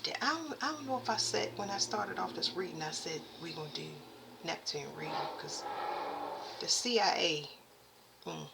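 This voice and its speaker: A woman doing a casual spiritual reading, chatting to her viewers and haltingly reading text aloud. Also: on the low side, gravelly, noisy background. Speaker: spiritual reader addressing viewers.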